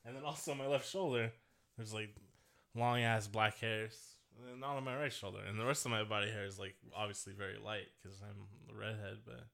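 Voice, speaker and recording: A young podcast co-host chats loosely in a casual conversation, his fairly low voice bright and forward, a little fast, with vocal fry and fairly even intonation. He rambles from thought to thought, laughs often and swears without a second thought.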